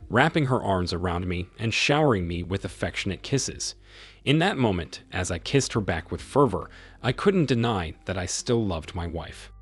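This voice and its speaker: Man, low husky voice, lively pitch, story narration, faint music behind. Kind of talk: scripted first-person story narration.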